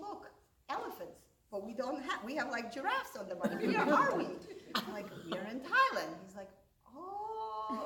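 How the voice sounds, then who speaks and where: A woman whose first language is Russian, telling rambling stand-up stories full of fillers and sudden high-pitched quoted voices. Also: a bit bright. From Russian-speaking background. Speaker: stand-up comedian. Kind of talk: stand-up storytelling. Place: event hall. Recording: echoey room, recorded from a distance.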